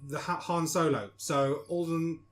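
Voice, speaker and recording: A man's voice: a little high, unhurried, slight background noise. A man hosting a casual film podcast, talking loosely with fillers and putting questions to his co-hosts. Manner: relaxed, many fillers, asks co-hosts questions. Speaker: podcast host.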